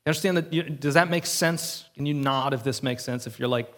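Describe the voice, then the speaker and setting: A man's voice: mid-range voice, quick pace, fairly bright tone. A male pastor giving an earnest, conversational sermon and often checking in with the congregation.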